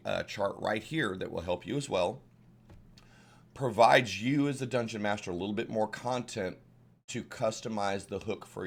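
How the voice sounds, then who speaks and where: A man's voice: on the low side, creaky. An older man with a Southern US accent, giving a casual, rambling tutorial on running tabletop games. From Southern United States. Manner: rambling, folksy, frequent restarts and fillers. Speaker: dungeon master tutorial host. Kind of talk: casual instructional talk.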